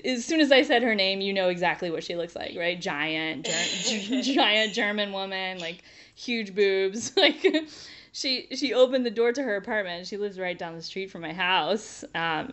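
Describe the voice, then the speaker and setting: A woman telling a personal story to an interviewer, expressive, laughing often and acting out the voices of people in it. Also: fairly low pitch.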